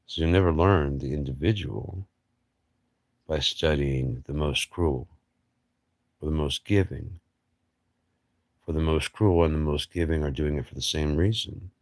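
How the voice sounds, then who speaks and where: A man with an extremely deep voice muses slowly through a rambling livestream monologue. He is blunt and profane, firing off rhetorical questions and mocking asides, and the sound is dry and close. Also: no room sound. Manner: blunt, profane, musing philosophically. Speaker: livestream host.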